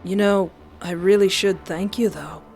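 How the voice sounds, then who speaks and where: A woman voicing a smug, spoiled young male killer in a slow, mocking drawl. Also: mid-range voice, fairly even intonation, creaky, darkish tone, soft background music.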